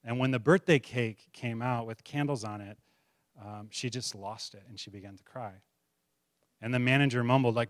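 A man preaching a sermon, retelling a story with lively shifts in loudness and acting out the characters' voices. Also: mid-range voice, normal speed, dry recording, studio quality. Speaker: pastor. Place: church sanctuary.

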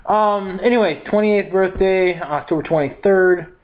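A man's voice: high-pitched, a little slow, phone-quality sound. A man in his twenties vlogging in a casual, rambling and upbeat way, with frequent laughs and filler words. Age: 20s. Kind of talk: casual chat to camera.

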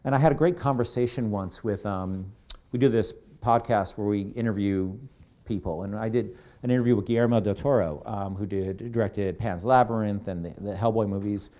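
Mellow-voiced man giving a rambling talk. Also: on the low side, moderate pace. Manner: conversational, rambling, with many asides. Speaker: game creative director giving a talk. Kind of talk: live presentation to an audience. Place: event hall on stage.

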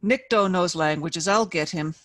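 A woman's voice: fairly low pitch, moderate pace, fairly bright tone, no echo, natural voice. A woman reading aloud and voicing a cruel male sergeant who mocks and sneers with amused contempt. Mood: mocking.

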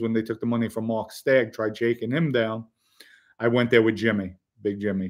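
A man tells stories in a loose, casual chat. He speaks bluntly, swears freely and laughs at his own jokes, his voice sitting in a plain middle pitch. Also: fairly bright tone. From the Bronx, New York. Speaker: podcast host telling stories.

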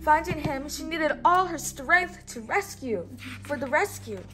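A young woman reads a storybook aloud in a high, bright-toned voice, stopping often to coax a listener into repeating words. Her delivery is patient and encouraging, with soft music playing faintly behind her. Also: expressive, unhurried. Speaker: teacher.

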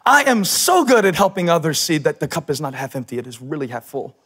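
Man, preaching on a church stage, animated, high-pitched, shouting emphasis, joking asides. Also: quick pace, breathy edge. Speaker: pastor. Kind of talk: sermon.

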